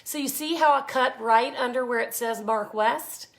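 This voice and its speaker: A woman's voice: fairly high pitch, normal speed, creaky. A middle-aged woman hosting a live craft tutorial, chatty and folksy, greeting viewers by name as she works. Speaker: art tutorial host.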